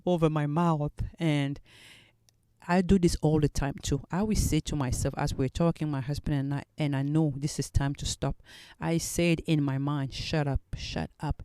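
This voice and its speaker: A woman hosting her own podcast talks slowly and thoughtfully, often restarting her sentences in an earnest, reflective way. Her voice is mellow and smooth, recorded dry and close with no room sound. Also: deep voice, dry recording. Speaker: podcast host. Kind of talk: solo podcast talk.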